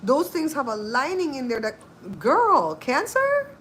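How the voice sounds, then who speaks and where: A woman's voice: high voice, a little fast, slight background noise, poor audio. A woman hosting a cooking channel, talking in a casual, sassy, chatty way. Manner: animated, chatty, sassy asides. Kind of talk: casual chat.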